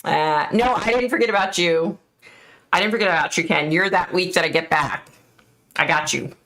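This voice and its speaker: A chatty middle-aged woman from the United States hosts a live stream and reads out viewer comments. Her voice sits low for a woman, with a gravelly fry running through it, and she laughs easily between remarks. It feels relaxed and personal. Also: normal speed. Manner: chatty, laughs often, thanks viewers by name. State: overheated and sweating. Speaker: psychic hosting a live stream. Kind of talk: casual live-stream chat reading comments.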